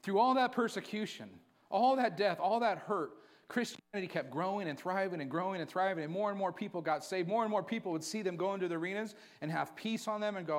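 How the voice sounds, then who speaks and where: A man preaching a sermon to his church, moving from quiet storytelling to fervent, emphatic preaching. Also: high voice, animated, brisk. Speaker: pastor.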